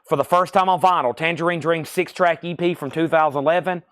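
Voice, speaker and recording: A man hosting a live record sale stream, briskly calling out titles, prices and buyers. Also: fairly high pitch, steady tone, fairly bright tone, no room sound, studio quality.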